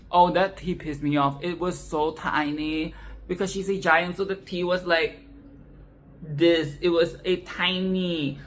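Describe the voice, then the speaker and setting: A woman's voice: on the low side, fairly bright tone. A woman hosting a film commentary video, ranting in a profane, exasperated and sarcastic way. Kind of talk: casual solo film rant.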